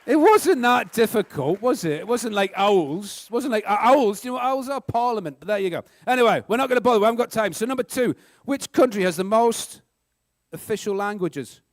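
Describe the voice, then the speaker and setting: Male NZ quiz host, very high pitch, quick joking delivery, dry recording. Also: lively intonation, no room sound, some chatter behind. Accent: New Zealand. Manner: brisk, joking, sarcastic asides. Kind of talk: live school quiz hosting.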